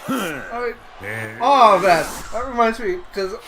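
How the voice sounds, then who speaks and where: Lively-voiced man chatting while he plays. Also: sits high, slow, vocal fry, a crowd in the background, poor audio. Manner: chats and reacts to the game while he plays. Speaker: game player and co-host. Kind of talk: casual chat while playing. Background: video game music.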